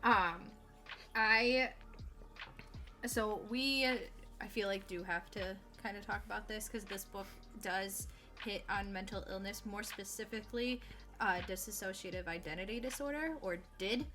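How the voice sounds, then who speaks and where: Bright-voiced excitable woman podcaster. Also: mid-range voice, soft background music. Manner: excitable, quick reactions, gasps. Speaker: podcast co-host. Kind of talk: casual book discussion.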